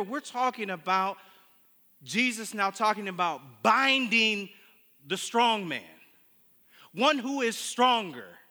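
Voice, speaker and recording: Male preacher giving a testimony sermon: high, piercing voice, halting retelling that builds to emphatic preaching, heard with hall reverb. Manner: storytelling, with many restarts and repeated words; swings from hushed to emphatic preaching. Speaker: pastor.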